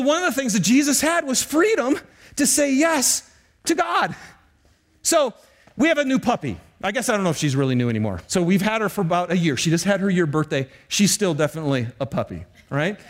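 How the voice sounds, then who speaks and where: A man's voice: high voice, lively intonation, a little fast. A middle-aged male pastor preaching a sermon, telling stories with animation and often turning to speak to the congregation.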